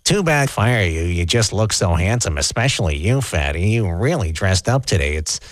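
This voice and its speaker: A man's voice: sing-song, moderate pace, no echo, studio quality. A man doing a smarmy radio boss impression. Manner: mock-polite, lower and softer than his own voice. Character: smooth-talking middle-aged male radio boss.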